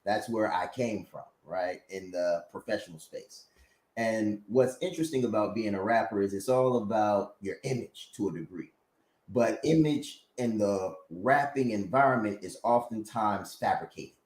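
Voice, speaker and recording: Man, podcast co-host, casual reflective talk, low voice, roomy echo. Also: normal speed, a little mellow.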